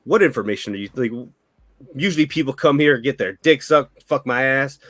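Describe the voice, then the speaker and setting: Hesitant bruised brothel guy, a man voicing him, halting and unsure, dry close sound. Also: mid-range voice, lively intonation, fairly bright tone, dry recording, lightly acted. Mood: wary. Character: nervous bruised male brothel worker.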